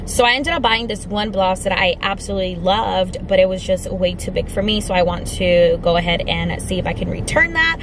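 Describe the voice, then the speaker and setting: At home, a young woman chats into her vlog camera in a medium-pitched voice, her casual talk packed with "like." Background noise is audible.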